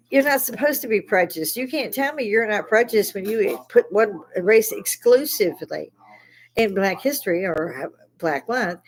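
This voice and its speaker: A woman's voice: mid-range voice, low-quality recording. An older woman hosting a casual monologue, ranting angrily in a blunt, profane way. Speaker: host.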